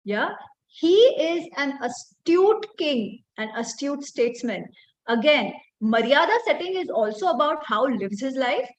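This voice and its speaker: A woman's voice: a little high, rough recording. A woman giving an impassioned talk, quoting Sanskrit verses. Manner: expressive, quotes Sanskrit verses. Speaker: speaker on the Ramayana.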